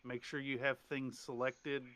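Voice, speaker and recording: A man's voice: medium pitch, little pitch movement, normal speed, bright, forceful tone. A man running a streamed tabletop game as game master, casual, with many hesitant fillers and easy laughs.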